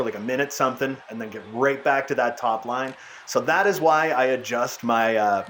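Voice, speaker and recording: Excited man calling hockey gameplay. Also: medium pitch. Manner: casual excited play-by-play, swears. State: voice worn out. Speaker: gaming YouTuber. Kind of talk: gameplay commentary.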